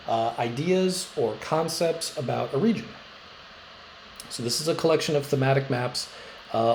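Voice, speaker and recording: Gravelly-voiced man teaching a relaxed class. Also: medium pitch, a little hiss or hum, poor audio. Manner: chatty and joking, many "uh" fillers and rambling asides. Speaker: middle school social studies teacher. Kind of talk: casual recorded class lecture.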